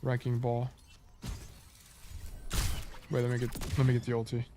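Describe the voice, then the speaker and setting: A man's voice: mid-range voice, monotone, measured pace, background noise. Laid-back man coaching over a game replay. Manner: thinks aloud, trails off and corrects himself. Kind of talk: casual live-stream coaching commentary.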